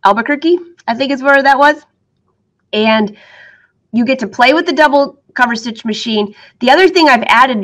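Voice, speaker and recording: A middle-aged woman with a slightly high voice chats to her viewers about her sewing classes. She is upbeat and laughs easily. She has the hiccups as she talks. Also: fairly bright tone. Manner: chatty, upbeat, laughs often. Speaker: sewing teacher and vlogger. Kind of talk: casual chat to viewers.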